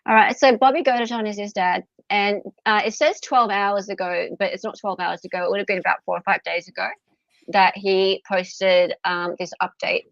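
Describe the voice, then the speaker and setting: An Australian woman co-hosting a casual live stream, chatty and laughing often, with halting restarts. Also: medium pitch, fairly even intonation, vocal fry, no room sound, highs cut off. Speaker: co-host.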